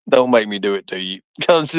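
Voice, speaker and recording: A man's voice: medium pitch, smooth, no room sound. Man cackling nonstop on a live stream. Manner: laughing nonstop, profane. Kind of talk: casual live-stream chat. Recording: dull lo-fi dry sound.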